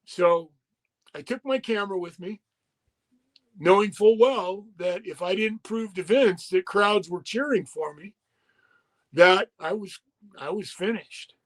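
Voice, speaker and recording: Middle-aged man, high-ish voice, profane and animated storyteller, interview guest. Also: measured pace, pauses often. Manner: profane, animated storyteller acting out quoted dialogue. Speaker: retired wrestler guest.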